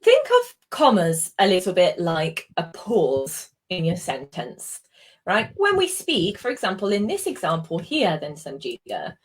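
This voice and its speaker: A woman's voice: on the low side, huge pitch swings, measured pace, husky. A woman with a British accent teaching exam writing in a live session, patient and explaining with examples, with frequent ums. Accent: British English. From Britain. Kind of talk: live online tutoring session.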